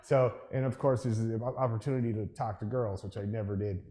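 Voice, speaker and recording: A middle-aged man leading a fiddle rehearsal and telling a story in a chatty, dryly humorous way, breaking into loud imitations of the people he quotes. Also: lowish voice, fairly even intonation, a little fast. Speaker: orchestra leader.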